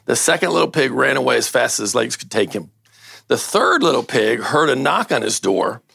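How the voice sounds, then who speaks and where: Older male pastor, gravelly voice, playful storyteller who jokes with the crowd. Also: medium pitch, a little fast, no room sound. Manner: lively storyteller, banters and laughs with the audience. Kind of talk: casual sermon with a read-aloud story.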